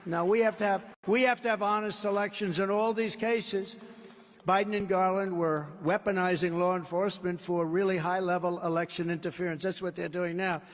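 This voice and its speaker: A man's voice: sits high, fairly even intonation, fairly quick. A man in his seventies from the United States giving a combative, repetitive campaign rally speech at a podium microphone. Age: 70s. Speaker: political candidate. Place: large indoor rally venue. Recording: long arena reverb.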